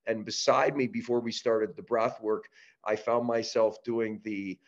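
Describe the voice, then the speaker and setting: Canadian-raised male guest, casual animated storyteller, lowish voice, muffled lo-fi audio. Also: a little slow. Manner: animated storyteller, many restarts and "you know". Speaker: podcast guest, breath-work business founder.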